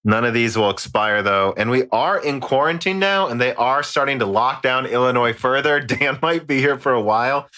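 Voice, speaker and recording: A tired American man hosts a podcast in loose, joking banter, swearing freely as he goes. His voice has a bright, forceful edge that cuts through. The talk stays giddy and offhand. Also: medium pitch, moderate pace, few pauses. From United States. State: tired from a late recording. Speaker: podcast host. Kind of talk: casual chat. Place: home studio in quarantine.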